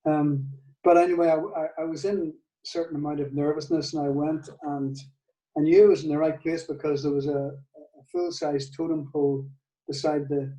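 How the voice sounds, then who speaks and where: An older man with a Northern Irish accent, his voice mellow and slightly higher than most men's. He talks hesitantly, with restarts and soft laughs, while telling a story in a conversation. It was recorded in an echoey room, a little far from the mic. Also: flat delivery, normal speed. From Northern Ireland. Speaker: guitar maker, guest. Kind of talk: casual storytelling interview.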